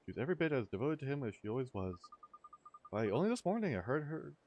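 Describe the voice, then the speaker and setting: A man's voice: mid-range voice, big pitch swings, fast, darkish tone, lo-fi sound, slight background noise. A man voicing a chatty old neighbor woman who gossips in a fussy, sympathetic way. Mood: gossipy. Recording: faint music behind.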